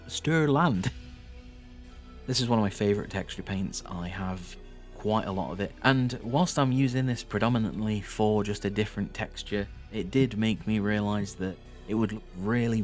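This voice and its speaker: A man's voice: fairly low pitch, normal speed, soft background music. A young Northern English man narrating his model-building hobby video in a chatty, sweary, joking way. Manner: chatty, swears freely, teasing asides to viewers. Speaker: miniature painting YouTuber. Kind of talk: casual voice-over narration.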